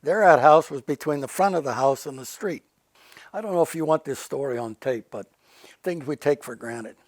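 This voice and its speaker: A man's voice: a little high, normal speed, dry recording. An older man, a retired Air Force general, telling earnest stories in an interview and repeating words for emphasis. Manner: earnest anecdotes with emphatic repetition. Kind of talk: casual storytelling interview.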